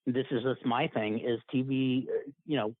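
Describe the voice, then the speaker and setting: A man in his forties talks in a relaxed, conversational way as a podcast guest. His voice is mid-pitched. It comes through a thin, dry phone line. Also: normal speed, no echo. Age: 40s. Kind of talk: casual chat.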